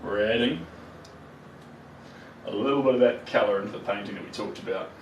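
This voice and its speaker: A man's voice: on the low side, a little fast, muffled recording, a little hiss or hum. Kiwi guy chatting while he paints live, sounds far off in an echoey room. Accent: New Zealand. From New Zealand. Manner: chatty, playful, talks to viewers while working.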